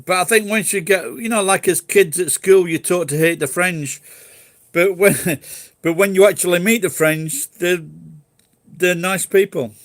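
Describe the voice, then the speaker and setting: A man's voice: high voice, measured pace, fairly bright tone, no echo, clean studio sound. A man from England chatting casually in a rambling way, swearing freely and laughing easily. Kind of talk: casual chat.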